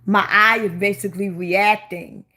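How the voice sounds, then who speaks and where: Bright-voiced woman with a Baltimore accent. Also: mid-range voice, steady tone, unhurried. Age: older than 25. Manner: blunt, rambling, repeats emphatic questions. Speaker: livestream host. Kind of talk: casual livestream chat.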